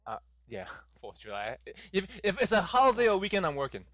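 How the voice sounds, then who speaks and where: Male podcast co-host, quick jokey talker, higher and very bouncy pitch. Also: big pitch swings, a bit bright, dry recording. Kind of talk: casual podcast chat.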